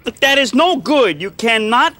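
An exasperated bookish puppet, piercing bright tone, high pitch, children's TV. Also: male voice, very animated, moderate pace, exaggerated voice. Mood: weary. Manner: prim, exasperated, formal phrasing. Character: fussy exasperated male puppet, bookish roommate.

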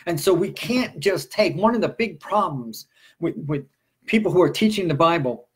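A male pastor preaching an expository sermon. He reads scripture slowly and presses his points with rhetorical questions. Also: sits high, expressive, breathy edge. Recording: broadcast sermon recording.

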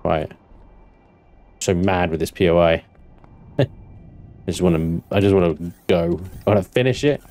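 Deep voiced guy doing let's play commentary, keeps muttering to himself and cursing. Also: unhurried, long pauses. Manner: excitable, talks to himself, swears. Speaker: gameplay commentator.

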